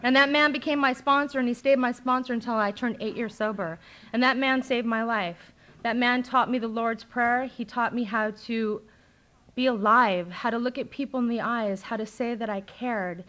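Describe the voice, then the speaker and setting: A young woman with a slightly high voice tells her recovery story to a meeting. She speaks candidly and with feeling, and her talk is loose, with plenty of fillers. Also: normal speed, a bit bright. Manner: candid and emotional, with frequent fillers.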